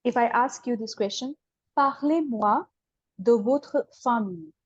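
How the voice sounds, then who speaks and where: A woman's voice: on the high side, husky, no echo, dull audio. A woman with an Indian English accent teaching a beginners' French class, patiently explaining and quizzing students. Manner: patient, explains slowly, asks questions and corrects. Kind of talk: online language class.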